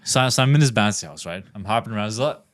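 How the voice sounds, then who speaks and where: A man's voice: on the low side, lively intonation, very fast, no echo, clean studio sound. A man on a podcast, rambling through a crude, absurd comic story with lots of swearing. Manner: rambling, profane, tells absurd stories. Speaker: podcast panelist. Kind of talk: casual comedic storytelling.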